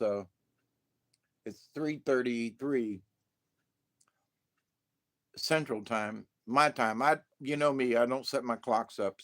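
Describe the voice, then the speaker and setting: A man's voice: on the low side, a bit bright. A man rambling to viewers in a loose monologue, laughing often and repeating insults with heavy emphasis, stoned. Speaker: vlogger.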